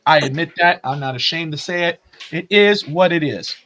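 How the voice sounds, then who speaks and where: Bright-voiced rambling podcast host. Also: male voice, on the high side, normal speed. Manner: rambling storyteller, lots of fillers and laughs. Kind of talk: casual sports chat. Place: lives in Tennessee.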